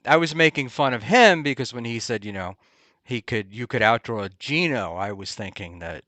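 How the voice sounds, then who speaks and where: A man hosting a casual talk show, rambling and halting with many ums and restarts. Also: mid-range voice, animated, a crowd in the background. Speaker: podcast host. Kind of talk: casual chat. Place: Hoboken area, New Jersey.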